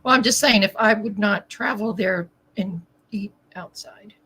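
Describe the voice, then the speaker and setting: A woman co-hosting a casual chat, expressive and quick to laugh, with a husky voice. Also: mid-range voice, a little hiss or hum. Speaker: podcast co-host.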